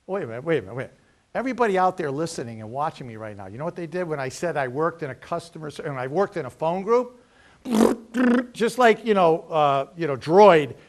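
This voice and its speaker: A middle-aged man giving an energetic career workshop talk, acting out dialogues and punchy sayings. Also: fairly high pitch. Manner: energetic, lively, acts out dialogues. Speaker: veterans' employment representative.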